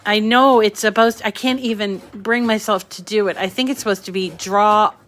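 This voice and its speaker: A woman's voice: mid-range voice, fairly even intonation, moderate pace, fairly bright tone. Chatty New England woman crafter. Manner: chatty, talks to viewers and reads their comments. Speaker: crafting channel host. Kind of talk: live-stream craft tutorial.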